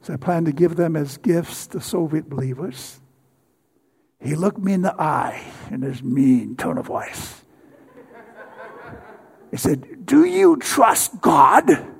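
An older man preaching a sermon with personal testimony, halting often with fillers and repeated words. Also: on the high side, gravelly, darkish tone, husky.

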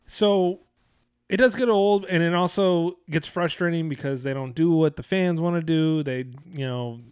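A man's voice: on the high side, normal speed, clean tone, no room sound, clean studio sound. Rambling, profane podcast man. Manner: rambling, profane, restarts often. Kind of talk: casual wrestling chat.

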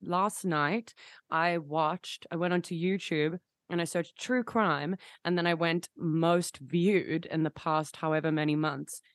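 A young woman with a lowish voice chats as a guest on an interview show. She rambles and gushes, piling up fillers and restarts. The sound is dry and close. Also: fairly even intonation, unhurried, dry recording. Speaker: musician guest. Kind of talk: casual interview chat.

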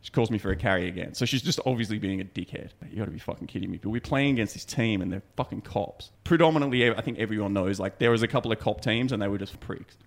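A young man with a gravelly edge to his voice, telling stories in casual podcast chat. He swears freely and gets animated as he goes. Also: lowish voice, fast talker, hardly any pauses. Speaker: podcast co-host.

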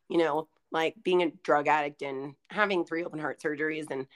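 A woman's voice: sits low, fairly even intonation, a little fast. A woman co-hosting a podcast, chatting in a reflective way and laughing often. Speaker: podcast co-host. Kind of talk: casual chat.

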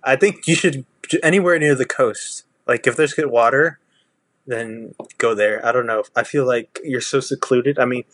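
A man's voice: mid-range voice, moderate pace, fairly bright tone, dry recording. Man, Southern accent, casual rambling chat, dry close sound. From Texas. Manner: rambling, many restarts and fillers.

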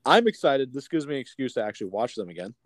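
A man's voice: medium pitch, very animated, quick pace, no echo, clean studio sound. A man co-hosting a podcast in casual chat, rambling and swearing freely with many restarts. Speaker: podcast co-host.

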